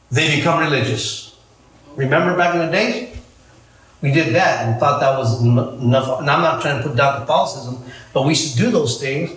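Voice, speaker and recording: A man preaching as a pastor, joking and calling out to his congregation in a lively sermon. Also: medium pitch, echoey room, far from the mic, rough recording. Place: church.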